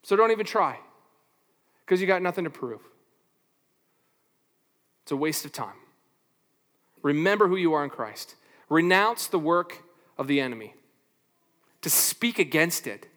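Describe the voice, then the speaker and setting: A man with a high voice delivers a lively sermon in a church hall. He asks his listeners rhetorical questions and acts out little back-and-forth exchanges. A long reverb trails after his words. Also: measured pace, pauses often. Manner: animated preaching with rhetorical questions and acted dialogue. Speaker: pastor.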